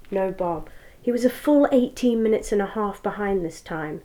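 Woman storybook narrator, expressive and dramatic. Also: fairly low pitch. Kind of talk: storybook reading.

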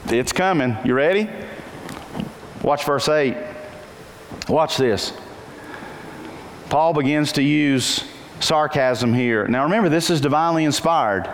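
A male pastor preaches an animated sermon, frequently questioning the congregation and slowing down to stretch out quoted lines in a singsong voice with big pitch jumps. The hall recording has long reverb and faint noise.

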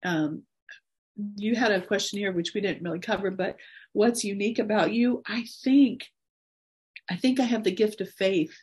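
A woman in her forties, a guest in an interview, speaking earnestly and encouragingly about her faith with soft laughs. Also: medium pitch, normal speed, slightly rough.

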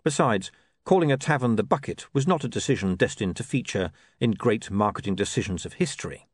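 A man's voice: fairly low pitch, lively intonation, brisk, no room sound. A man reading a comic novel aloud as narrator, with wry, dry storytelling. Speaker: audiobook narrator. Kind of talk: scripted narration.

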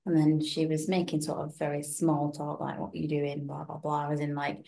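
A young woman chatting on a podcast with a fairly low voice. She tells her stories with energy and slips into the voices of the people she quotes. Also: moderate pace, vocal fry. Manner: animated storytelling, acting out quoted voices. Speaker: podcast co-host. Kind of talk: casual chat.

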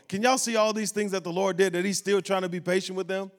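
Pastor guy preaching in church, a bit high-pitched, hammers his points home by saying them twice. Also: fairly even intonation, fast talker, few pauses. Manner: emphatic preaching with repeated phrases. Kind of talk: sermon.

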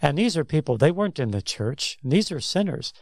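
A man's voice: fairly high pitch, big pitch swings, fairly quick, creaky, darkish tone, no room sound, studio quality. A man co-hosting a Christian talk show, telling stories in a rambling way that restarts and repeats words. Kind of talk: casual faith discussion, storytelling.

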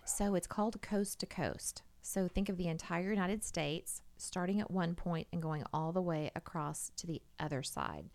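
Gravelly low-voiced middle-aged woman. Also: normal speed, few pauses. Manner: animated storyteller, swears casually. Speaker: podcast guest. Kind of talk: casual chat.

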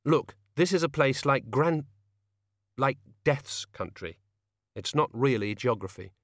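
A man voicing a stern, impatient young woman governess who talks in a brisk, matter-of-fact way. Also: medium pitch, lively intonation, dry recording, studio quality.

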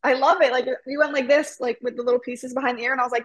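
High-pitched woman host, bubbly n encouraging, says like a lot. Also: steady tone, fast, no echo. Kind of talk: conversational interview.

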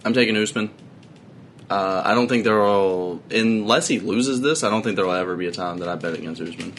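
Easygoing young man, lowish voice. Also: a little fast, fairly bright tone, a little hiss or hum. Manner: easygoing, agreeable, says yeah a lot. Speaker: podcast co-host. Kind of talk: casual chat.

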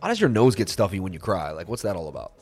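A man hosting a crypto trading livestream, talking in an emotional, rambling way, his nose stuffy from crying, then boasting and pitching his trading group. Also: very animated, fast talker, a little mellow, soft background music. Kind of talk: emotional, rambling live-stream talk.

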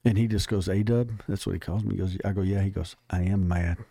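A man with a fairly low voice talks as an interview guest. He is emphatic and plainspoken as he tells stories. The sound is dry and close. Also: fairly even intonation, fast, vocal fry, mellow, no echo. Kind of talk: casual interview talk.

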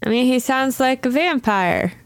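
A woman's voice: sits high, lively intonation, clean tone, dry recording, clean studio sound. A young woman co-hosting a podcast, chatting casually in a playful, joking way. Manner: chatty, playful, quick to joke. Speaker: podcast co-host and player. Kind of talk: casual chat.

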